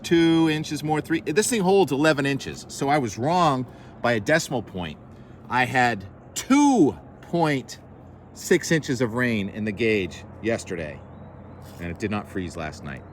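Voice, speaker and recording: A man's voice: medium pitch, a little hiss or hum. A man hosting a casual weather talk, rambling and correcting himself as he goes. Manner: chatty, rambling, self-correcting asides. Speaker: weather show host.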